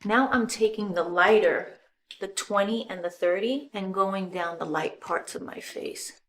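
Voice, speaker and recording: Middle-aged woman, relaxed celebrity makeup-tutorial host, talks you through every brush stroke, voice of medium height, easy chatty flow with quiet asides. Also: mid-range voice, unhurried. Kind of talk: casual makeup tutorial talk.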